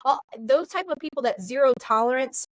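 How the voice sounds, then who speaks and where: Animated woman, chatty co-host. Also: high voice, a little fast, dry recording, poor audio. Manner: animated storyteller, acts out quoted lines. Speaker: podcast co-host, nurse trainer. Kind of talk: casual conversation.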